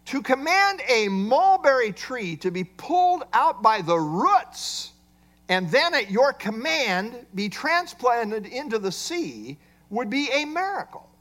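A male pastor giving a sermon. His voice sits high and moves lively up and down. He explains a Bible passage verse by verse and poses rhetorical questions to his listeners. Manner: expository preaching with rhetorical questions.

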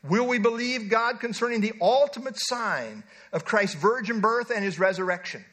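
A middle-aged man preaching a sermon, earnest and emphatic, slowing down to stress key phrases. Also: high-pitched, expressive, a bit bright. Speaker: pastor.

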